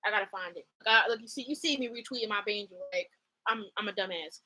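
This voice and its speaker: A young woman streaming a casual fan chat, excitable and rambling, gushing with lots of fillers. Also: medium pitch, fast, rough recording. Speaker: streamer chatting with viewers.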